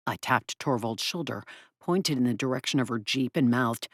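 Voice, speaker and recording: A woman narrating an audiobook in the first person, in an expressive, brisk way. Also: very deep voice, no echo, studio quality.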